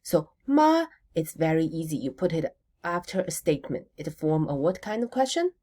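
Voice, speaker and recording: A woman teaching a recorded language lesson. She models words slowly for repetition and answers her own questions. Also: sits low, very animated, dark tone.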